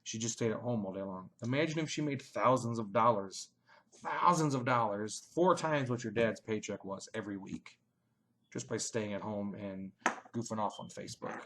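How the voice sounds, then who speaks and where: A young man runs a loose question-and-answer chat as a page admin. He swears constantly and his voice jumps from low mumbles to loud outbursts. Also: normal speed, slight background noise. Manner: crude, animated, swings between mumbling and shouting. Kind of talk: casual profane Q&A chat.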